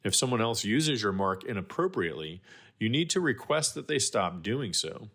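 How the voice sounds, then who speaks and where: A man with a fairly low voice explains legal matters in a clear, measured, scripted way. His pitch moves around a lot, which keeps the lecture animated. Now and then he drops in a dry, wry aside. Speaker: guest expert on trademarks.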